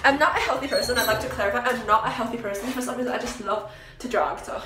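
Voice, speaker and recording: A woman's voice: a little high, quick pace. A young woman chatting casually through her day as a vlogger, upbeat and full of fillers. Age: young adult. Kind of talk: casual vlog chat.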